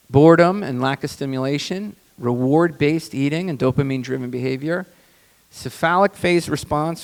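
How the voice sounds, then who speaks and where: A man speaking as a doctor on stage, with a mid-range voice in a large conference hall where his words ring out with a long reverb. He is animated and keeps asking the room questions. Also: medium pitch. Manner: animated, asks the audience questions. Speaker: doctor giving a seminar. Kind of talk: conference seminar talk.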